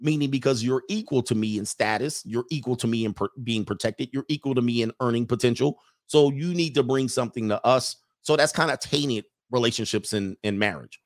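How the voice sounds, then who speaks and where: A man's voice: medium pitch, fairly quick, hardly any pauses. A man hosting a casual commentary show, talking bluntly with profanity and mocking jokes, laughing at his own remarks. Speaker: host.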